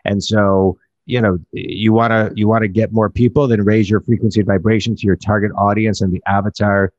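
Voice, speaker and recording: A man's voice: lowish voice, level tone, brisk, a little mellow, no echo, highs cut off. A man talking as a business coach in a casual podcast conversation, rambling and restarting his phrases.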